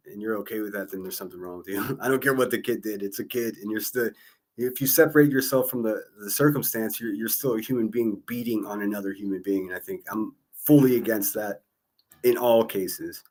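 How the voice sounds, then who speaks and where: A man hosting a call-in livestream, chatting casually, laughing often and stumbling over repeated words. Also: mid-range voice.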